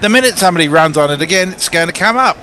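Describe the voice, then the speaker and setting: A man's voice: sits high, lively intonation, racing, bright, forceful tone. A man on a cricket commentary team, chiming in briefly and reading out listener messages. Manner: brief agreeing interjections.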